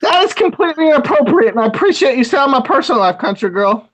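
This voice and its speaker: Someone doing a high giggly man-child. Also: very animated, fast. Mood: goofy. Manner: stammering, giggly, high-pitched. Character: goofy childlike male character, simple and silly. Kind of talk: improvised comedic character on livestream.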